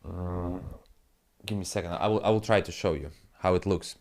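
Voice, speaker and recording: A man's voice: low-pitched, steady tone, normal speed, darkish tone. A man talking casually through crypto charts as a trading analyst, rambling and muttering to himself in non-native English, with the odd swear.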